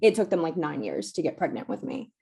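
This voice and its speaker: Gravelly-voiced woman, emotional client. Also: deep voice, big pitch swings, fairly quick, poor audio. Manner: emotional, soft-spoken, laughs nervously. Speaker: client at a reading. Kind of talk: casual chat.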